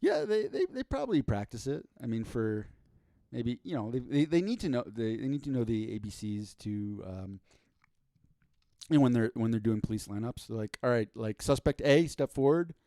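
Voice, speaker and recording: A man's voice: medium pitch, animated, normal speed, mellow, no echo, studio quality. A man co-hosting a podcast in casual comedic chat, rambling and joking with many restarts. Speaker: podcast co-host.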